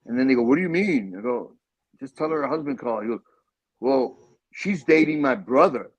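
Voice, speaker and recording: Husky-voiced comedian man, chatty and laughing. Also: medium pitch, lively intonation, fairly quick. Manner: apologetic, laughs while telling stories. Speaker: comedian guest. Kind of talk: casual podcast chat.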